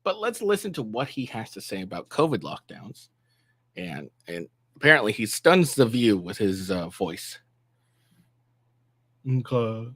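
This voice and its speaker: Lively, rambling male vlogger. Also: fairly low pitch, unhurried, pauses often, slightly rough, dry recording. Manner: rambling, with fillers and sarcastic asides. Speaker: commentary vlogger. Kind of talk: casual reaction commentary.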